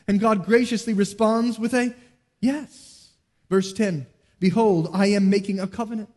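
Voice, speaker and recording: A man preaching a sermon as pastor, earnest, rising to emphatic peaks and dropping low. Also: steady tone, a little slow, a little mellow, long reverb tail.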